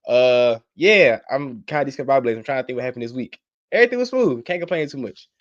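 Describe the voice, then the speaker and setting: Early twenties man, mid-pitched voice, animated rambling podcast chat, home mic. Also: fast talker, muffled recording. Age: early 20s. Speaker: podcast co-host. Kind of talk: casual sports podcast chat. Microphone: home mic, remote call.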